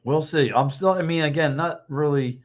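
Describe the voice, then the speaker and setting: Excitable fifty-something man on lo-fi audio. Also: fairly high pitch, moderate pace. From Philadelphia. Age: 50s. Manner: excitable, blunt, repeats himself. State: coughing, dry throat. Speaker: podcast host. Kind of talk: solo sports talk reading live comments. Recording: dull lo-fi stream audio.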